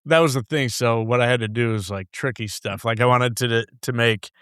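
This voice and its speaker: A man's voice: mid-range voice, steady tone, moderate pace, a bit bright, smooth, no room sound. Man telling rambling studio podcast stories. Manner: rambling, laughs often, swears, acts out his boss's lines. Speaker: guest brewer. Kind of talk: casual storytelling chat. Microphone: studio microphone.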